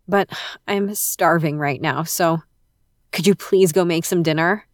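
A woman speaks slowly and without hurry in a romantic audio role-play, her voice a little low for a woman. She addresses an unseen listener intimately, shifting between a bossy tone and a doting one. The recording is close and dry, with no room sound around her. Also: dry recording.

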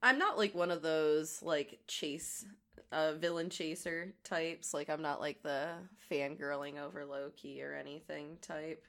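A woman with a gravelly voice today, chatting casually and rambling as she crafts. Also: low voice, steady tone, a little slow, fairly bright tone. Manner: rambling and chatty, many fillers. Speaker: audio creator and crafting vlogger. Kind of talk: casual chat while crafting.

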